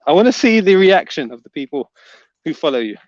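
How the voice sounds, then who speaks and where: On a casual stream, a man reads his viewers' comments out and teases them, talking briskly in a voice on the high side with big pitch swings. The recording is dry and dull.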